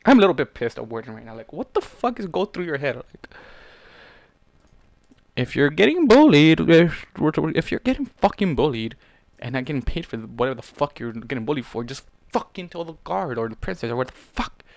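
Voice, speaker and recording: A man's voice: fairly high pitch, big pitch swings, normal speed, vocal fry, no echo. A man casually reading a pony fan story aloud, breaking off with profane, exasperated asides. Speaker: fanfiction reader.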